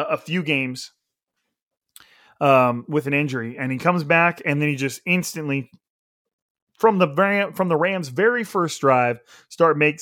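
Male sports podcast host, slightly high-pitched, conversational game recap, dry studio sound. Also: fairly bright tone, dry recording. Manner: conversational, with frequent restarts and fillers. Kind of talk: casual sports analysis.

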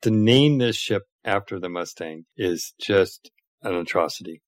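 A man's voice: low-pitched, expressive, measured pace, no echo. A man co-hosting a podcast, reading news items, stumbling over a word and laughing at himself. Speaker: podcast co-host.

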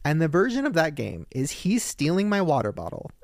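A young man co-hosting a podcast, telling stories in casual banter with emphatic, animated delivery. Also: on the high side, fairly quick, no room sound, clean studio sound. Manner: animated, emphatic storytelling with quoted voices. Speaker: podcast co-host.

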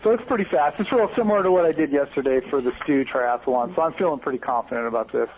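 A man's voice: on the high side, quick pace, slightly rough, phone-quality sound. Upbeat man, enthusiastic and chatty. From Bend, Oregon. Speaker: podcast guest. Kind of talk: casual chat.

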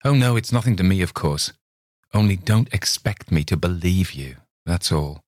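A man with a low voice playing an eager young American woman who pleads her love in a raised, emotional voice. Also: animated, moderate pace, a little mellow, no room sound, studio quality. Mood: pleading. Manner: breathless, imploring, emotional.

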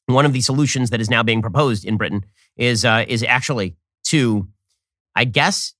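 A man hosting a political commentary show, talking in a fast, mocking, sarcastic way. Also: dry recording, clean studio sound. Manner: mocking, rapid-fire, animated pitch swings.

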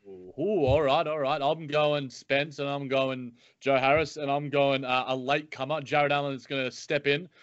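A man hosting a sports podcast, chatting in an animated, joking way with playful asides. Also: medium pitch, moderate pace, no echo. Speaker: podcast host. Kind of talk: casual sports podcast chat. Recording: dry, dull lo-fi audio.

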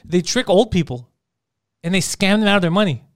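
A man chatting casually on a podcast, telling stories in an animated, profane way and slipping into mocking voices for quotes. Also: high-pitched, a little fast, dry recording, clean studio sound. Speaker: podcast co-host. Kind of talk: casual chat, storytelling with acted quotes.

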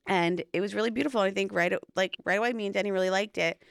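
A woman's voice: mid-range voice, quick pace, gravelly, no room sound, clean studio sound. A young woman chatting casually on a podcast, telling a long story with lots of fillers. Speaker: podcast co-host and new mother. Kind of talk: casual chat.

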